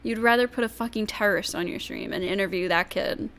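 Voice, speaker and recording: A woman's voice: mid-range voice, quick pace, fairly bright tone. A woman streamer reacting to clips, ranting bluntly and swearing freely. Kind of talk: casual livestream commentary.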